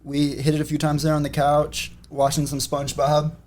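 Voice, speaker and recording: A man's voice: fairly high pitch, moderate pace. Laid-back male podcast guest. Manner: relaxed, laid-back storytelling with fillers. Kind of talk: casual chat.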